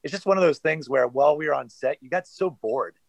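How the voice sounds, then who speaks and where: Gravelly-voiced man, casual guest chat. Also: on the high side, a little fast, no echo, low-quality recording. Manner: rambling, self-deprecating, many fillers and restarts. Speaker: guest actor.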